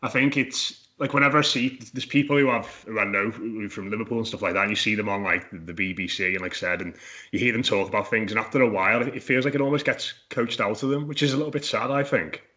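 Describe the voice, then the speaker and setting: A man's voice: fairly low pitch, fast talker, sharp tone. A man hosting a podcast interview over a Skype audio call, easygoing and often restarting his sentences. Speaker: podcast host. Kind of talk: casual interview.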